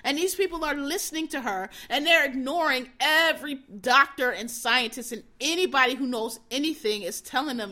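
Bright-voiced woman ranting, profane and animated. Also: high voice, moderate pace. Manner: animated, profane storytelling with acted-out quotes. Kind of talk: casual commentary.

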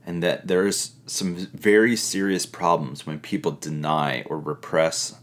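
A middle-aged man speaks in a very low, deep voice, teaching an audience about faith. He talks earnestly and reflectively, pausing often and searching for words as he goes. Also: level tone. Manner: earnest, reflective, with pauses and fillers. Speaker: pastor or teacher giving a talk.

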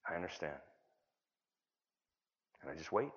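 Rambling middle-aged comedian in a boomy hall. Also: male voice, animated, normal speed, long pauses. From California. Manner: rambling, self-interrupting storyteller with sudden loud bursts. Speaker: stand-up comedian. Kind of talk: stand-up comedy set. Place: conference hall. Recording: dull, boomy conference hall recording.

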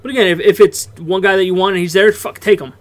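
A man's voice: high voice, fast. A man co-hosting a casual sports podcast, talking loosely and swearing now and then. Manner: relaxed, swears freely, breaks off into laughs. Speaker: podcast co-host.

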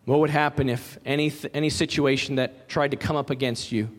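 A man's voice: medium pitch, fairly even intonation, brisk, long reverb tail. A man in his thirties preaching a sermon, earnest and emphatic, repeating his key phrases. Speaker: pastor.

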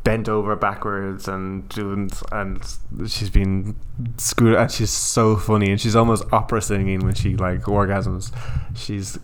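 A man's voice: on the low side, flat delivery, unhurried, hardly any pauses, clear, resonant tone. A young man chatting casually as a podcast co-host, enthusiastic and full of stumbling restarts. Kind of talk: casual chat.

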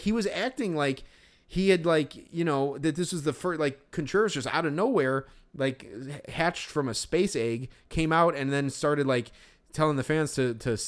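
Casual male podcast co-host who rambles through his points, full of filler words. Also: on the high side. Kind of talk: casual sports podcast chat.

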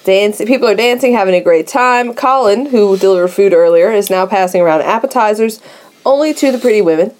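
Mellow-voiced woman recapping a movie. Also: medium pitch, brisk. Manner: chatty, recaps scenes with laughs. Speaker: podcast co-host. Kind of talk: casual movie recap chat.

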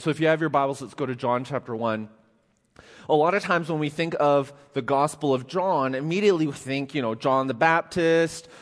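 Male pastor, conversational sermon delivery, mid-pitched voice, long hall reverb. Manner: conversational, reads a joke aloud and laughs, asks the congregation questions. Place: church auditorium.

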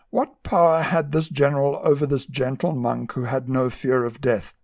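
A man of middling pitch reading a prepared talk in a steady, measured way. He tells parables as a host, pacing his phrases evenly. The delivery is clean and composed. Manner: measured storytelling. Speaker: podcast host. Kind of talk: scripted narration.

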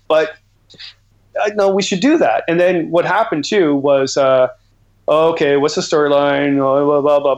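A man's voice: fairly high pitch, muffled recording. A middle-aged man from Canada, an outdoor educator and author, telling rambling stories as a guest on a casual podcast interview. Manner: rambling storyteller, animated and laughing.

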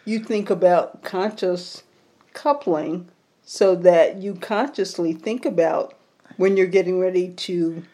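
A woman's voice: lowish voice, slow, mellow. A woman co-hosting a talk show, musing aloud with hesitant, filler-filled chat.

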